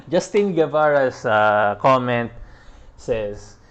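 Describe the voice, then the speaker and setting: Man, casual game commentary, slow drawl, lively pitch. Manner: relaxed, chatty, laughs often. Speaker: gaming podcast host.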